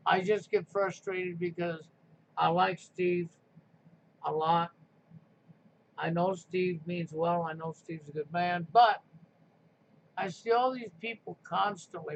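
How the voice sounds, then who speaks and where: Sarcastic high-voiced man ranting on stream. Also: steady tone, slow, creaky, pauses often. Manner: combative, sarcastic, preachy. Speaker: live stream host. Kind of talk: ranting live stream monologue. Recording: muffled lo-fi stream audio with faint noise.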